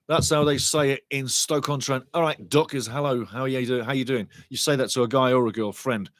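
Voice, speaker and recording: A man hosting a live football watchalong, giving rambling, chatty match commentary and shouting out to viewers in the chat. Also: mid-range voice, steady tone, normal speed, no echo. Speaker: watchalong host.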